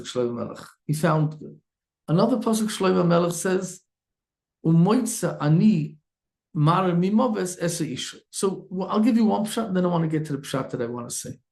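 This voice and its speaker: A man, a rabbi, telling a story in a sermon and acting out its characters with many restarts. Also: fairly high pitch. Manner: animated storyteller, acts out characters, frequent restarts. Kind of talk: Torah talk, storytelling sermon.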